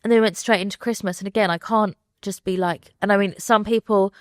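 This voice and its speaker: Fast and fairly even in intonation, this medium-pitched woman speaks in a studio-quality, echo-free recording. As a podcast guest in her thirties, she chats candidly, using plenty of fillers and acting out quoted voices of people she's talked to.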